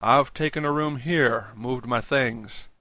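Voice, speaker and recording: A cautious, remorseful friend speaks in a plain, subdued way, as a male audiobook reader voices him. His voice is bright, and the recording is dry and close-miked. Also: mid-range voice, slow, dry recording. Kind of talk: audiobook dialogue reading.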